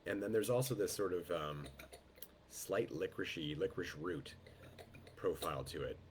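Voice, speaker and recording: Male tasting host on a video call, low and throaty from a head cold, slow and descriptive, faint background noise. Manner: unhurried, descriptive, greets guests by name. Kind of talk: live online wine tasting.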